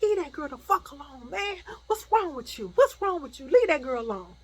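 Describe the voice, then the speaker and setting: A furious man yells and swears at a bully, firing the same demands over and over in a loud, high, strained voice, as a woman storyteller acts him out. His lines come fast and forceful, pushed well above a normal talking voice. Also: sing-song. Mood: angry, yelling. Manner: shouting, repeating himself, heavy swearing.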